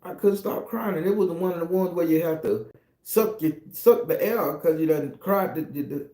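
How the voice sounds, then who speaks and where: A man's voice: on the high side, moderate pace, dark tone. A middle-aged man with a Southern US accent, a tarot reader giving a preachy, profane and confessional spiritual monologue. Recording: echoey room.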